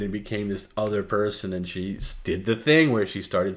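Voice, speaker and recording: A middle-aged man with a very low voice tells a personal story on a livestream. He is candid and meandering, and his sentences often drift off into a soft hush. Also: normal speed, few pauses. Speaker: livestream host. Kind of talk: casual storytelling.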